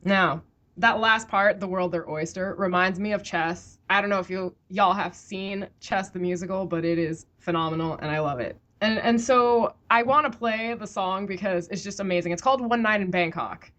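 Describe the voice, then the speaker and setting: A woman's voice: mid-range voice, moderate pace, fairly bright tone. A woman hosting a podcast in casual, giggly, enthusiastic chat. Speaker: podcast host.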